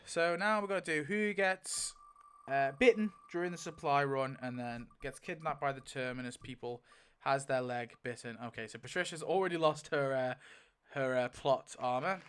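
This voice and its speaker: A man's voice: fairly high pitch, fairly bright tone, clear, resonant tone. A young man giving casual commentary as he spins a wheel to pick story outcomes, rambling with lots of filler and frequent swearing. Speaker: video creator.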